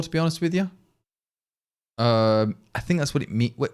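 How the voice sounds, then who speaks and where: A man from Leicestershire, England, with an East Midlands accent, codes on a livestream while chatting casually, thinking aloud and answering viewers. His voice sits on the high side, with lively intonation, a slightly fast pace and a clean, a little mellow tone.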